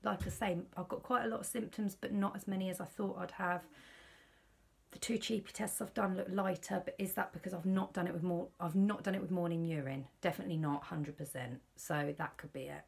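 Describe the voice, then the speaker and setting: British woman in her thirties, anxious confiding vlogger, deep husky voice. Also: fairly even intonation, fairly quick, darkish tone. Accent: British English. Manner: worried, rambling, confiding. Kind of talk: candid personal vlog.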